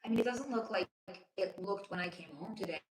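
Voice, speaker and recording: Losing her voice to a sore throat, a livestream host who does spiritual readings chats affectionately with viewers during a casual stream from her home room in Los Angeles, reading their comments aloud. Her medium-pitched voice is brisk, heard in an echoey room with background noise.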